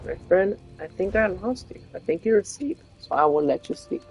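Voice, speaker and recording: A woman's voice: mid-range voice, lively intonation, normal speed, darkish tone, lo-fi sound, faint music behind. A woman chatting casually while streaming a game, rambling and laughing often. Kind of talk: casual chat while gaming.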